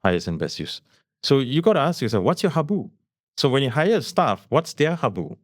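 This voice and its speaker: A man's voice: on the high side, big pitch swings, a little fast, no echo, studio quality. A man, a business coach guest on a podcast, telling stories animatedly, laughing often and repeating key phrases. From Malaysia. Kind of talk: podcast conversation.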